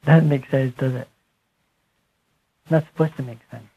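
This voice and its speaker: A husky-voiced man gives a spiritual talk to a gathered group, leaning into key words and letting each phrase sink quietly at its end. The recording sounds muffled and lo-fi, like an old archive tape. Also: medium pitch, steady tone. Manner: slow, emphatic, trailing off softly at phrase ends. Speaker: speaker addressing a group. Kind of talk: spiritual talk to a live audience.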